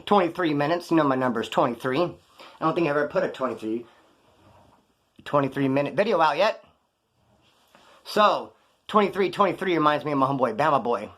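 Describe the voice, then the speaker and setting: Man, fast-talking, animated, slangy, telling stories to camera. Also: on the high side. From California. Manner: slangy, animated, acts out other people's lines. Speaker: vlogger telling prison stories. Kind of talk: casual storytelling to camera.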